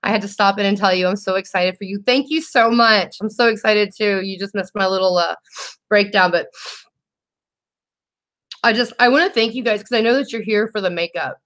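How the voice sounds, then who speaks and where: A woman's voice: mid-range voice, fairly quick, a bit bright. Woman, beauty vlogger, teary, grateful, casual livestream chat. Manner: emotional, grateful, tearful at times. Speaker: beauty vlogger reading live comments.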